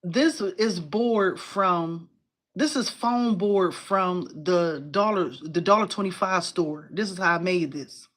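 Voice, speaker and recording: A woman hosting a casual crafting live stream from home. She talks in an excitable, chatty way, says "y'all" a lot, and answers viewers' comments aloud. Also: on the low side, slow pace. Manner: uses y'all and informal phrasing.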